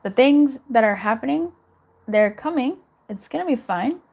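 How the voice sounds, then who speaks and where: A woman's voice: high voice, lively intonation, moderate pace, gravelly, a little mellow, slightly rough, highs cut off. A young woman doing a live tarot reading in a chatty, reassuring way, giggling and swearing now and then. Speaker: tarot reader.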